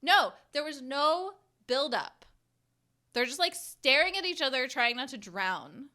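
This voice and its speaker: A young woman co-hosts a relaxed podcast chat, her voice bright and fairly high. She rambles with lots of "like" and breaks into quick giggles as she talks. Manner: chatty, full of "like" and giggles. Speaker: podcast co-host. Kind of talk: casual chat reviewing a movie.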